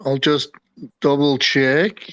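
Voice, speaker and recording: A man's voice: medium pitch, fairly even intonation, slow pace, fairly bright tone. A man joining a football stream by video call, apologetic and flustered, over lo-fi echoey call audio. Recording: dull lo-fi call audio with echo.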